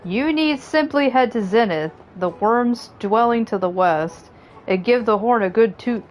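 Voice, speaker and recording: A woman voicing a small, cheerful moogle creature in a game, speaking high and bouncy. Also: measured pace, natural voice. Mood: chirpy. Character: chirpy little moogle creature.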